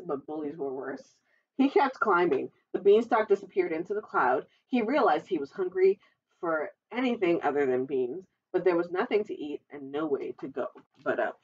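A woman's voice: mid-range voice, dull audio. A woman librarian reading a picture book aloud at storytime, adding playful asides to the listeners. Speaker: children's librarian.

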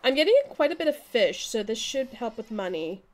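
Young woman streamer, excitable and sweary, bouncy pitch all over the place. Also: a little fast. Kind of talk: casual co-op gaming chat.

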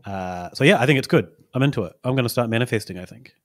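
A man's voice: mid-range voice, lively intonation, fast. A man, a podcast host rambling through stories with small chuckles. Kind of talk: casual chat.

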